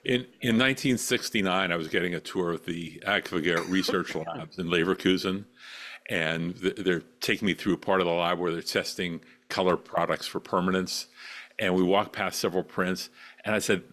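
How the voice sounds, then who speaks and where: A man on a video call, relaxed and anecdotal, recounting old industry stories. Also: low voice, moderate pace. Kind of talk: casual video chat.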